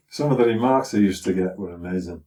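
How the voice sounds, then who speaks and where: An older man from Liverpool with a broad Scouse accent, talking over his memories in a relaxed, anecdotal way. His voice sits fairly low and lands a little distant from the microphone. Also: a little hiss or hum. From Liverpool, England. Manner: chatty anecdotal telling, acting out others' voices. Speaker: father recounting his life. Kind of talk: conversational life-story storytelling.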